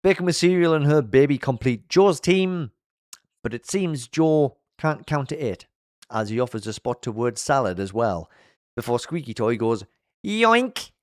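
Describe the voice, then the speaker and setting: A man giving a playful, self-mocking commentary on an animated web show, recapping it as he goes. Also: mid-range voice, moderate pace, no room sound, studio quality. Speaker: video commentator.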